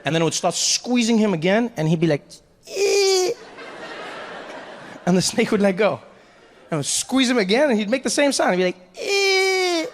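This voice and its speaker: A male stand-up comedian telling a story on stage, animated and self-mocking, acting out every character. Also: high voice, quick pace, in a large hall, a little hiss or hum.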